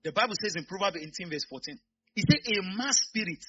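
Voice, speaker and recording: A man with a Nigerian accent preaching a sermon, swinging from quiet asides to loud shouts. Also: high voice, lively intonation, quick pace, slightly rough, highs cut off, faint music behind.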